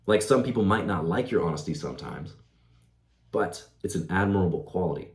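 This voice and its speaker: A man's voice: sits low, a little mellow. A young man giving casual self-improvement advice in a laid-back way, dropping "bro" and "like" as he talks. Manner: laid-back, says "bro" and "like", laughs easily. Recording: roomy echo.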